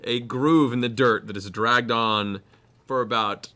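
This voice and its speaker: A man's voice: medium pitch, steady tone, a little slow, bright, forceful tone. A man runs a tabletop game and narrates the scene in vivid detail. His voice sits in a middle range, and laughter keeps slipping into his descriptions. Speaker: game master.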